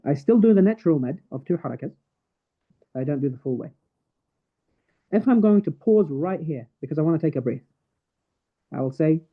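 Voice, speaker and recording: Guy teaching tajweed over a call, kinda high voice, sounds tinny like a phone. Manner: patient, explains step by step, recites verses in Arabic. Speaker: Quran recitation teacher. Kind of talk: online tajweed class.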